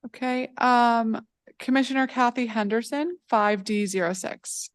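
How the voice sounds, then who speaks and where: A woman's voice: on the high side, a little slow, no echo. A woman chairing a public hearing, politely calling up witnesses in turn.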